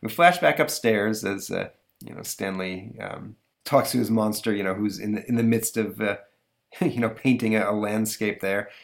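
A man's voice: lowish voice, moderate pace, gravelly. A man hosting a podcast, retelling a comic strip in rambling casual chat with fillers and chuckles. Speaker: podcast host.

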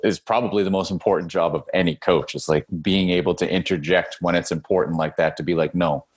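A man co-hosting a casual podcast chat, reflecting in a measured way on what good coaching is. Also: sits low, steady tone, breathy edge. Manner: reflective, measured, makes points with "right?".

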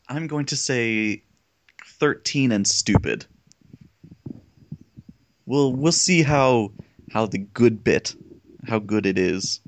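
A man's voice: mid-range voice, very slow, long pauses, a little hiss or hum. A man co-hosting a comedy reading, chiming in with wry sarcastic jokes in casual banter. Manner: wry sarcastic quips, jokey asides. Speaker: co-host.

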